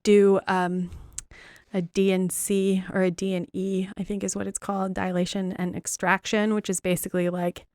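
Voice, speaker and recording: A woman's voice: mid-range voice, level tone, normal speed, no room sound. Frank young woman, dry close sound. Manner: frank, filler-heavy, dark humor. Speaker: podcast host. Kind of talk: candid personal storytelling.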